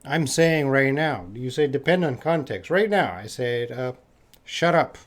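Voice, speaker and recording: A man's voice: mid-range voice, lively intonation, normal speed. A Canadian man teaching English in a live online lesson, answering viewers' questions and repeating key words for learners. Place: living in Korea.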